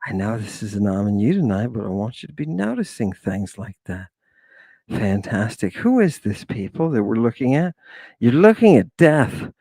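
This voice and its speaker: A man's voice: fairly low pitch, big pitch swings, normal speed, warm tone, no echo. Theatrical man lecturing, sighing and exclaiming. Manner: theatrical, sighing, exclamatory, addresses viewers as "people". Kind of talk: livestream lecture.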